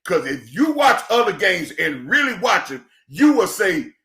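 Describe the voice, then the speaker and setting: A man in a passionate, preachy football rant, swinging between shouting and quiet emotion, calling his listeners "church". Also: sits high, sing-song, measured pace, gravelly, hardly any pauses. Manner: preachy, emphatic, calls audience "church". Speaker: football commentator. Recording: echoey room.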